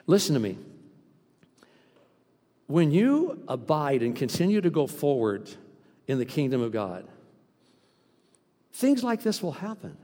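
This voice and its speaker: Animated pastor preaching in a reverberant hall. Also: male voice, mid-range voice, a little slow, vocal fry, long pauses. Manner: animated preaching, acting out quoted voices. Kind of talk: sermon.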